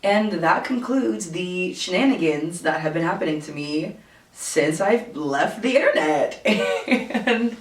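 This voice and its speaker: A young woman vlogger telling a casual storytime at home, animated and profane, with lots of filler words. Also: fairly low pitch, takes it slowly. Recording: roomy, distant camera audio.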